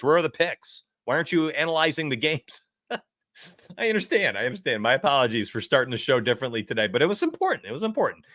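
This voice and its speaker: A brash man hosts a sports betting livestream in a bright, forceful, fairly high-pitched voice. He rambles casually and reads the chat aloud, with close-miked, dry sound and no room echo.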